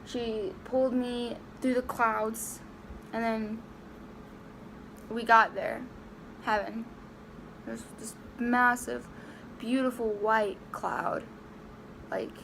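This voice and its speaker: A young woman vlogging a personal story to camera, halting and emotional, close to tears, with many fillers and restarts. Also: a little high, a bit bright, slight background noise.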